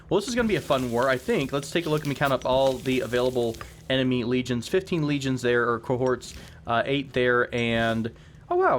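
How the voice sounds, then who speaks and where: Rambling man narrating his strategy game. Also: mid-range voice. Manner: rambling, thinking aloud with frequent restarts. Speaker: gaming channel host. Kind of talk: let's play commentary. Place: home room with air conditioner running. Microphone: sensitive desk microphone. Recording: faint air conditioner hum. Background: faint air conditioner hum.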